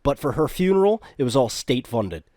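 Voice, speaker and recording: A man co-hosting a podcast, chatting casually and riffing with quick silly bits. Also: mid-range voice, dry recording, clean studio sound. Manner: animated, does quick silly voices in bits. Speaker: podcast co-host. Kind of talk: casual comedic chat.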